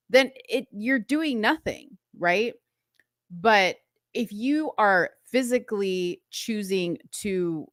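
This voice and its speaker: A woman with a lowish voice, chatting casually as a podcast co-host. She tells stories with an animated, dramatic flair, and the sound is close and dry. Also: dry recording. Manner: animated storyteller, self-described dramatic. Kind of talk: casual chat.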